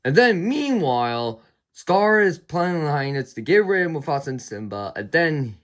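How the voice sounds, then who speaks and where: Guy w a slightly high voice doing a movie review, rambling, lots of "and then" and self-corrections. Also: big pitch swings, normal speed, a bit bright. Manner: rambling plot retelling, chains of "and then"; frequent restarts and apologies.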